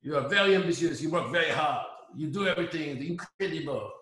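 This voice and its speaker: A man putting on a French man with a heavy French accent, who gives advice slowly and repeats his words for emphasis. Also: on the high side, fairly bright tone, roomy sound, lightly acted. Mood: earnest advice. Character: advising French man, calm and warm.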